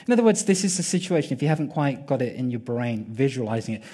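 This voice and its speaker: A male preacher retells a story with vivid, dramatic storytelling, leaning on repetition and pauses. His voice runs high and husky. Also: lively intonation, darkish tone. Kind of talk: sermon storytelling.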